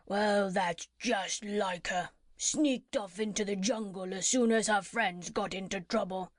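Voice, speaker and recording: A sulky male crocodile grumbles his lines at a slow, heavy pace, put on by a woman reading a storybook aloud. The voice sits in a middle pitch and is recorded close and dry, with no room sound. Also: fairly even intonation, no room sound, natural voice. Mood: grumbling. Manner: slow grumbling, lower than the narration.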